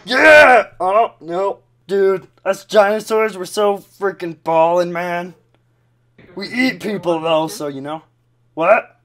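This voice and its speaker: A man voicing a brash, silly male T-rex puppet on a webcam video chat, gravelly and rowdy, shouting and making mouth noises. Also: sits high, slow, full character voice. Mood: goofy.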